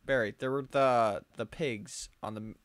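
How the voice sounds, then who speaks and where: A young adult playing a video game alone and commenting, excitable, talking to the game's animals and yelping when startled. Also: medium pitch, normal speed, dry recording. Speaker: let's play gamer.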